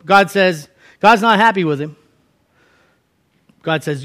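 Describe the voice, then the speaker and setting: A man with a high, bright voice preaches a sermon. He tells the scripture story like a casual chat, slipping into the characters' lines as he goes. His delivery stays folksy and conversational. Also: normal speed, pauses often. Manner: storytelling, acting out voices in quotes. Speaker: pastor.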